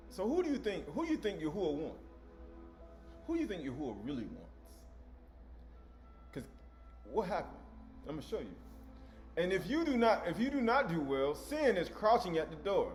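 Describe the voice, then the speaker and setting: A man's voice: on the high side, big pitch swings, normal speed, pauses often, a little mellow. A man giving a casual, conversational sermon, often checking in with "right?" and acting out dialogue in slangy voices. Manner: conversational, tag questions like "right?". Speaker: preacher. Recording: echoey room with faint music.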